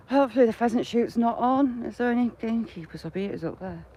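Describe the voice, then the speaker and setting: A woman's voice: fairly high pitch, animated, fast, few pauses, warm tone, a little hiss or hum. A woman vlogging live while she walks a countryside path, chatting and laughing with viewers as she greets them by name. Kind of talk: casual live-stream chat while walking.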